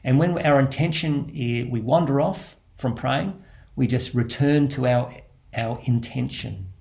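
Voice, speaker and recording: A man with an Australian accent, a priest giving a gentle spoken reflection on prayer, repeating key phrases and restarting as he thinks aloud. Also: mid-range voice, unhurried, vocal fry.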